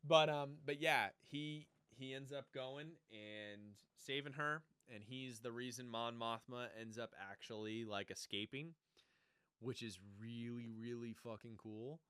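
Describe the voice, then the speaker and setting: A man co-hosting a podcast, chatting casually and animatedly about a TV show, jumping into quick character impressions. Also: mid-range voice, sharp tone, clear, resonant tone, no echo. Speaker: podcast co-host. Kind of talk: casual chat recapping a TV show.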